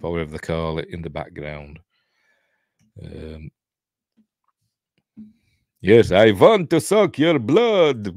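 A middle-aged man with a broad Yorkshire accent rambles through a film he is watching, stopping often for ums and small chuckles. His voice sits a little low. The sound is dry and close. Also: no room sound. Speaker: channel host, film commentator. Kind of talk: casual movie watch-along commentary.

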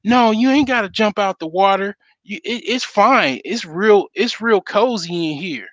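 A man voicing a frog that sweet-talks another frog into staying in warming water, in a coaxing tone. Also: high voice, unhurried, no echo, pitched above the performer's own voice. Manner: coaxing, reassuring.

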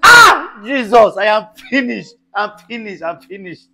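A man acting a panicked, shouting husband who has lost his car in a comedy skit. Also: high-pitched, moderate pace. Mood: frantic angry. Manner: frantic, shouting, exclamatory.

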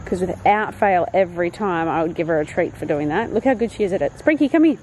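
A woman chatting casually outdoors in a backyard, vlogging while training her dog and calling to it in a high sing-song voice. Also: fast talker, darkish tone, slight background noise, poor audio. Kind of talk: casual vlog chat.

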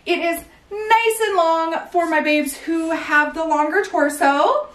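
A clothing store owner shows off new stock in a casual try-on haul, her voice extremely high, slow and fairly bright. She's chatty and bubbly, packed with slang and filler words, recorded in an echoey room some distance from the mic.

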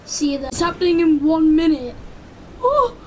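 A woman giving excited live gameplay commentary, screaming at the big moments. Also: very high-pitched, moderate pace, a little hiss or hum. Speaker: gamer. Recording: loud game music behind voice.

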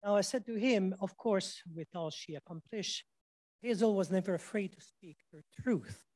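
A man's voice: sits high, moderate pace, a little mellow. A man with a French accent, a priest delegating at a board meeting, earnest and polite but insistent. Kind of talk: formal delegation speech.

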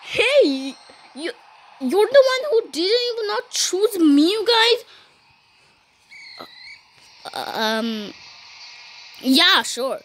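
A woman's voice: very high voice, big pitch swings, slow pace, fairly bright tone, a little hiss or hum. A woman giving playful gameplay commentary, bantering with cartoon characters, giggling and saying "beep" in place of swear words. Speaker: gaming YouTuber.

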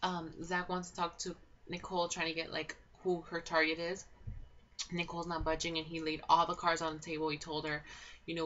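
A woman's voice: deep voice, little pitch movement, normal speed, fairly bright tone. A young woman giving a rambling, gossipy recap of a reality show in a casual chat, full of fillers and restarts. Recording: dull lo-fi home recording with faint noise.

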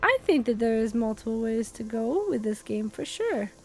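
A fairly high-voiced woman chats excitedly over a game she's playing with a partner. She's sick and wheezy, with a dry cough that catches her. Her talk is giggly and rambling. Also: normal speed. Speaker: co-host of a gaming channel. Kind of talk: casual let's-play chat.

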